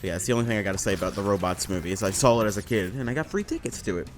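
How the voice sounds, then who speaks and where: A man's voice: lowish voice, expressive, racing, soft background music. A young man casually commentating his gameplay, rambling and self-deprecating and swearing often. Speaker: let's play gamer.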